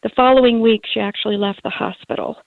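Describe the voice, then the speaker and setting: A woman from Minnesota calling a radio show, telling her story in a steady, matter-of-fact way. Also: on the high side, quick pace, gravelly, no echo. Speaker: radio caller. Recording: tinny phone line.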